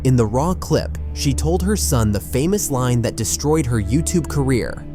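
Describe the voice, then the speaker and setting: Man, documentary narration, emphatic and critical, lively intonation. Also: medium pitch, moderate pace, few pauses, over music. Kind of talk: scripted narration.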